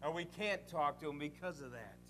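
An older man delivers a fervent sermon in a notably high voice. He preaches with emphasis, pressing rhetorical questions on his listeners and weaving in homespun stories, swinging between loud exhortation and quiet asides. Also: a little fast, faint music behind. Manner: folksy storytelling with rhetorical questions.

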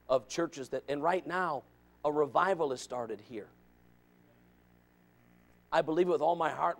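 A male pastor preaching a sermon, swinging between shouting and hushed softness, with stammering restarts. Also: mid-range voice.

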